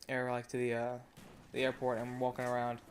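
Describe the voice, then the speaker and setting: Flat-voiced young man ranting casually. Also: medium pitch, brisk, slight background noise. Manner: profane, rambling, frequent fillers. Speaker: vlogger. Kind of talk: casual storytelling rant.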